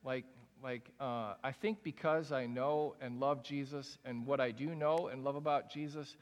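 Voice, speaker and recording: A man's voice: medium pitch, fairly even intonation, moderate pace. A young man preaching a sermon to a congregation in a large room, speaking in a candid, conversational way with frequent casual fillers. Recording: long hall reverb.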